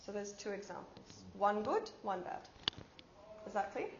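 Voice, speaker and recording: A woman's voice: medium pitch, big pitch swings, a little slow. A woman presenting at a conference workshop, explaining ideas through everyday examples and giving the audience instructions. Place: conference room. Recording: echoey room, dull sound, background noise.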